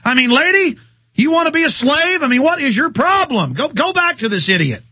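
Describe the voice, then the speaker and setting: A man hosting a talk radio show, ranting in a heated, mocking, combative way and swinging his pitch for effect. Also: sing-song, a little fast, sharp tone, no echo. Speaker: radio host. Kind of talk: heated on-air rant.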